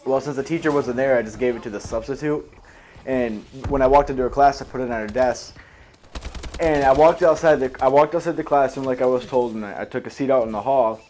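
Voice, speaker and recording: A man's voice: mid-range voice, brisk, darkish tone. A young man casually telling a long personal story from his school days, rambling, swearing and correcting himself as he goes. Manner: rambling, profane, self-correcting. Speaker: storyteller recounting a school memory.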